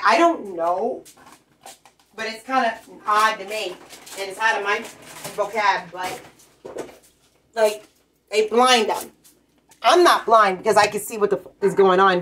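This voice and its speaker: A woman's voice: mid-range voice, a bit bright. A woman ranting bluntly and profanely in a rambling, off-the-cuff vlog. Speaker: vlogger. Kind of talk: profane rambling rant to camera. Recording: noisy recording with clicks.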